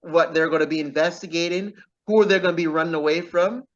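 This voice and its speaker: Speaking briskly with a slightly high voice and fairly even intonation, an author guest gives a casual interview over dull audio. He's earnest and keeps using "okay?" as a tag at the end of his points.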